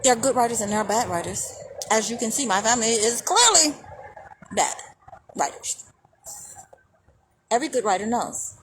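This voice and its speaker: A high-pitched woman in a heated, profane rant, her voice leaping up and down as she goes from loud outbursts to low muttering. There is a steady noisy hum behind her. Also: normal speed, pauses often. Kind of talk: angry profane monologue.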